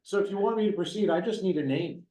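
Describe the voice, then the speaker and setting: A man's voice: high voice, fast, mellow, a little hiss or hum. A male county staff member reports at a public meeting, speaking plainly with dry humor. His voice carries the echo of the meeting room.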